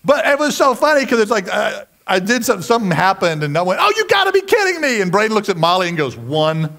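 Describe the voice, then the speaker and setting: A man preaching a sermon, animated and self-mocking, with sudden shouted outbursts. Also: high-pitched, fast talker, vocal fry. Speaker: pastor.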